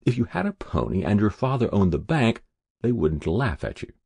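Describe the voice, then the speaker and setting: A man narrating a story in an expressive, characterful way, with a husky voice. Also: fairly low pitch, moderate pace, no echo.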